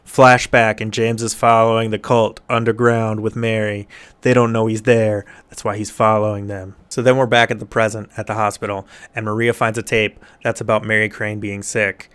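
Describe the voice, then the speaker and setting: A man giving a dry, sarcastic recap of a movie's plot, sometimes dropping into quick mock voices for the characters. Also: fairly low pitch, flat delivery, a bit bright, clear, resonant tone. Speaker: movie reviewer.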